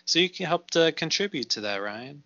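A man's voice: fairly high pitch, expressive, a little fast, sharp tone, no echo, muffled recording. A man co-hosting a casual movie podcast, laughing often and reading out figures with fillers. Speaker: podcast co-host.

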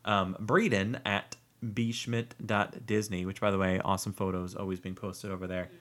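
A man's voice: low voice, level tone, normal speed, a bit bright. A man co-hosting a podcast in casual chat, rambling and joking, often breaking off mid-sentence. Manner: rambling, self-interrupting, joking. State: warm and sweaty, fanning himself. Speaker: podcast co-host.

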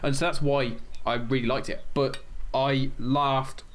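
A man's voice: mid-range voice, level tone, measured pace. A man hosting a casual podcast discussion, talking with enthusiasm and often restarting his sentences. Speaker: podcast host leading the discussion.

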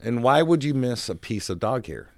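A man's voice: mid-range voice, sing-song, normal speed, no echo, studio quality. A man hosting a podcast in casual chat, rambling and laughing often as he talks.

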